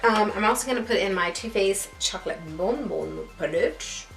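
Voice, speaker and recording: A woman's voice: medium pitch, animated, moderate pace, creaky. Young woman, casual self-deprecating beauty vlogger, rambling chat to camera, roomy echo. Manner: chatty, self-deprecating, laughs at herself. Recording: echoey room with faint music.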